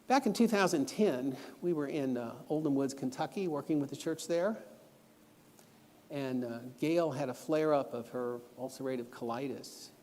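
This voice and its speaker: With a mid-range, darkish voice at a moderate pace, a middle-aged guest preacher gives a sermon lesson in a church auditorium. Slight background noise and long hall reverb color the recording as he earnestly tells personal stories and assigns homework.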